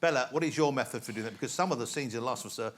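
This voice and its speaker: A man's voice: mid-range voice, racing, fairly bright tone, slight background noise. A man hosting a talk show, asking guests questions in a joking, teasing way. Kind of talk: chat show interview. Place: TV studio with audience.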